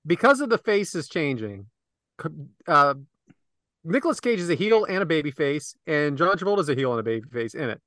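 A man's voice: fairly high pitch, sing-song, fairly quick, a bit bright, no room sound, clean studio sound. A man co-hosting a casual podcast, joking and arguing about movies. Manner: joking, argumentative. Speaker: podcast co-host. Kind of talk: casual chat.

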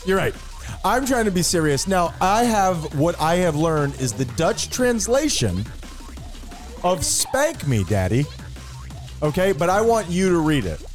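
A man's voice: sits high, big pitch swings, a little slow, soft background music. A man co-hosting a casual comedy podcast, playful and teasing with a mock-serious streak. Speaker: podcast co-host.

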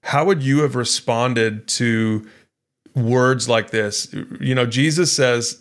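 A man's voice: mid-range voice, takes it slowly. A man co-hosting a Bible study podcast, talking earnestly and conversationally with frequent restarts. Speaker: podcast co-host. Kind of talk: casual Bible study discussion.

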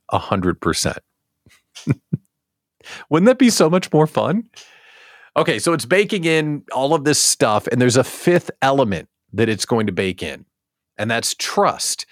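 A man hosting a livestream talk show, joking and animated, often throwing rhetorical questions at his viewers. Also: mid-range voice, measured pace, pauses often, no room sound, studio quality. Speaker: host.

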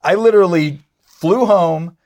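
A man's voice: high-pitched, a little slow, darkish tone. A man in his forties casually telling stories, chatty and self-deprecating, laughing along. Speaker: co-host telling his story. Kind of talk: casual conversational storytelling.

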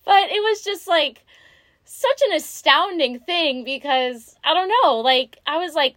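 A woman's voice: sits high, animated, normal speed, a bit bright, no room sound, clean studio sound. A woman in her twenties hosting a podcast, talking casually and peppering her story with "like" and "you know". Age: 20s. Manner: chatty, full of "like" and "you know". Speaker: podcast host. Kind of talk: casual chat.

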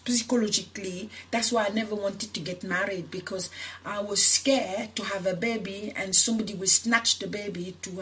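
A woman's voice: mid-range voice, a bit bright. A woman activist from Senegal who grew up in France, telling her personal story in an interview, earnest and emotional, with many restarts. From Senegal, raised in France. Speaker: activist guest.

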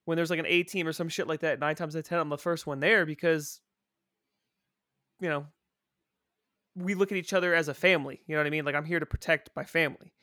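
A man who works as a prison supervisor guests on a casual podcast chat with friends, his fairly high, bright voice steady in tone. He talks fast but rambles loosely with long pauses, swearing freely yet sounding earnest. The recording is dry and close-miked, with no room sound.

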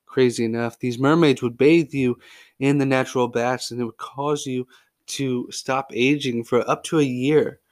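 A man's voice: mid-range voice, fairly even intonation, moderate pace. A man hosting a casual sports history podcast, telling stories in a jokey, goofy, chatty way. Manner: jokey and goofy, with playful tall tales; loose and chatty, with frequent fillers. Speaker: podcast host.

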